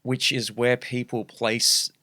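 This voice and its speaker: A man's voice: mid-range voice, little pitch movement, takes it slowly, pushed and bright, dry recording. A young man talking as a guest MC on a casual podcast, earnest and rambling as he thinks aloud.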